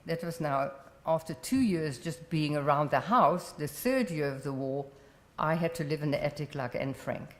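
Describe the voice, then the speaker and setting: An older woman from the Netherlands with a South African accent, Dutch as her first language, telling her life story in plain, unhurried talk. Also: low-pitched. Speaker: Holocaust survivor speaker. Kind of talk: personal testimony talk. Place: college exhibit hall. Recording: roomy hall with long reverb.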